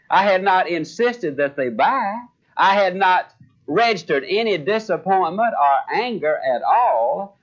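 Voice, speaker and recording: Older sales trainer, lively high-pitched delivery, acts out the dialogue in his anecdotes, muffled lo-fi recording. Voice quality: animated storyteller voicing dialogue. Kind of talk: motivational speech. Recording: dull lo-fi speech recording.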